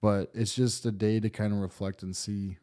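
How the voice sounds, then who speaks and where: A man on a casual podcast with a mellow, dark, lowish voice. He talks in a laid-back way, stringing thoughts together with lots of fillers. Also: flat delivery, moderate pace. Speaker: podcast co-host.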